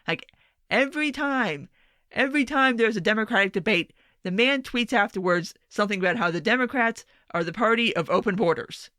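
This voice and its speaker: A woman's voice: medium pitch, a bit bright, dry recording, studio quality. A young woman giving a casual, sarcastic political commentary monologue, full of swearing and exasperated asides.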